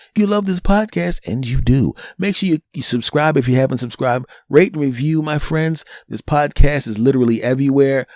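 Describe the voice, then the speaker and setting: A man's voice: mid-range voice, dry recording, clean studio sound. A man with a Northeastern US accent hosting a solo podcast, telling a story animatedly and acting out the people in it. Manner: animated, acts out quoted people. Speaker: podcast host.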